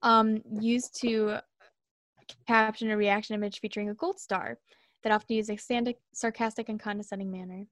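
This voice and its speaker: A young woman co-hosting a casual podcast, reading slang definitions aloud in a dry deadpan way and joking between them. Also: mid-range voice, normal speed, dry recording. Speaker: podcast co-host.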